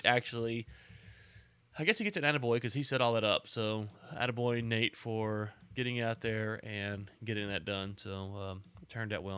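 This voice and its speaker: Bright, crisp Southern US co-host. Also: male voice, lowish voice, dry recording. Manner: joking, upbeat banter. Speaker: podcast co-host. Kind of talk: casual chat.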